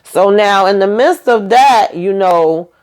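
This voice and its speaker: Animated woman recapping a TV episode. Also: mid-range voice, takes it slowly. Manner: animated retelling, acting out dialogue in quotes; chatty asides to viewers. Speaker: YouTube TV recap host. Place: at home.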